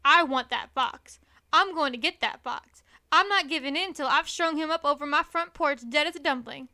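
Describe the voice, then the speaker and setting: A woman voicing a mean, stubborn grown man farmer in a storybook read-aloud, gruff and determined. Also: high voice, a little fast, sharp tone. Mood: angry.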